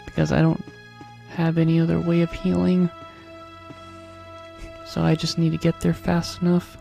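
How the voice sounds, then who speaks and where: A man's voice: on the high side, monotone, normal speed, gravelly, warm tone. A man giving casual gameplay commentary, fretting and repeating himself as he mutters complaints over faint game music. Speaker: let's play commentator.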